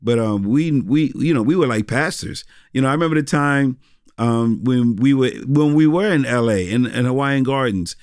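A middle-aged man who is a pastor tells stories in an easygoing interview. He rambles with many fillers and restarts in a mid-pitched voice. The sound is dry and close. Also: normal speed, a little mellow, no room sound. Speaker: pastor and former rapper. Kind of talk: casual interview storytelling.

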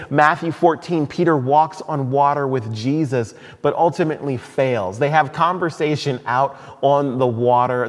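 Guy preaching a sermon, mid pitch, chatty with asides and restarts, echoey church hall. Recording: long hall reverb.

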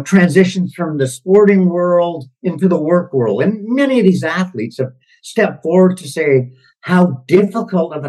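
Man, podcast host, middle-aged, raspy, encouraging, upbeat. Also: a little high, darkish tone, low-quality recording. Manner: enthusiastic and encouraging, motivational. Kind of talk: casual podcast interview.

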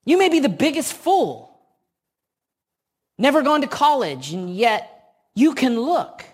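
An unlearned, thin lay preacher, voiced by a woman urges his listeners in plain, homespun words with a put-on country accent. He speaks higher than the woman telling the story. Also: heavily acted.

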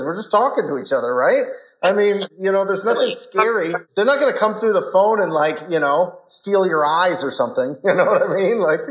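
Role: host. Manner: enthusiastic and chatty. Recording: roomy. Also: mid-range voice. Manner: enthusiastic, chatty, laughs often. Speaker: podcast host. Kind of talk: casual interview. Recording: roomy sound.

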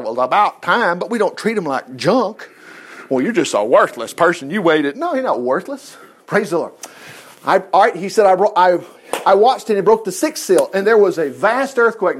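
An older man preaching a sermon, reading Bible verses aloud and commenting in a folksy, joking, conversational way. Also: high-pitched.

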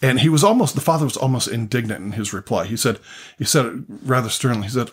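An older man delivers a sermon as a story told in earnest. His voice sits at a middle pitch, and he often stops and restarts or repeats a phrase as he goes. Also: animated, fast, breathy edge. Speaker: pastor.

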